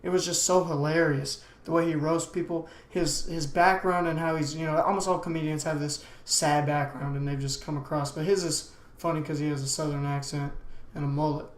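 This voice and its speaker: A young man from the United States runs a casual solo podcast, speaking briskly with a flat delivery and fairly high pitch. His rambling is slangy, loaded with "man" and "dude," and the recording has an echoey room sound.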